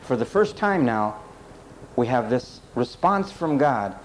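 A man's voice: mid-range voice, big pitch swings, takes it slowly, slight background noise, rough recording. A man preaching a sermon, speaking straight to his congregation in an emphatic, repetitive style. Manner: addresses the congregation directly.

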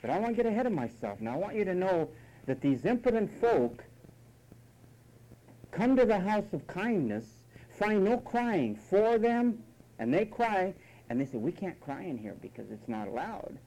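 A man's voice: sits high, very animated, normal speed, mellow, rough recording. A man preaching a sermon, emphatic and mocking, at times imitating whiny voices.

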